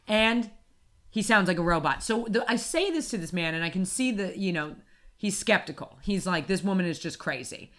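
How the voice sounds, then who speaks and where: A woman telling a story in casual conversation, animated and exasperated, swearing freely and restarting her sentences. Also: medium pitch, moderate pace.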